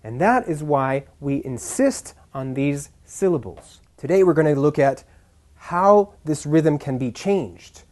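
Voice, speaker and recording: Man, pronunciation teacher, slow deliberate delivery, mellow tone, exaggerated syllable stress. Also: on the high side, expressive. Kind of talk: scripted English lesson.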